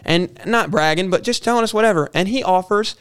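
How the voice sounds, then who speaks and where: Fast-talking earnest young man. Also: high voice, fairly bright tone, clear, resonant tone, no room sound. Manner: earnest, repeats and restarts words often. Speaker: guest. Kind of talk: casual storytelling interview.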